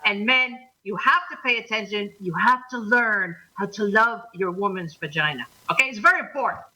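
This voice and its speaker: A woman's voice: mid-range voice, moderate pace, pushed and bright, poor audio. A woman co-hosting a casual talk show, brash and joking, laughing often. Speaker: co-host. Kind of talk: casual chat.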